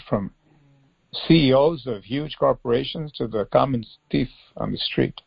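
An earnest male preacher with a gravelly, husky voice delivers a devotional sermon. He presses his listeners with pleading rhetorical questions. The recording sounds dull and lo-fi, with a dry, close sound. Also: mid-range voice, animated, normal speed, dry recording.

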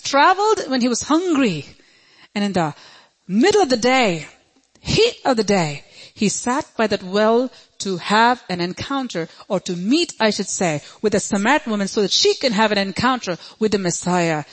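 A woman's voice: medium pitch, rough recording. A woman preaching a sermon, emphatic and repeating her key phrases, with questions put to the congregation.

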